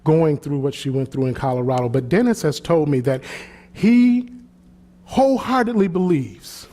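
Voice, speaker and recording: A man with a high voice preaching from the pulpit. He leans hard into key lines and circles back on his phrases as he builds his point. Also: lively intonation, moderate pace, mellow. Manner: preaching with swelling emphasis and repeated phrases. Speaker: pastor. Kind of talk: sermon.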